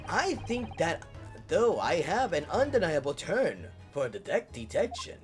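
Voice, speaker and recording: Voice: mid-range voice, very animated. A streamer voicing a flamboyant, grandiose male detective while reading game dialogue aloud, faint game music behind. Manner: pompous, drawn-out flourishes.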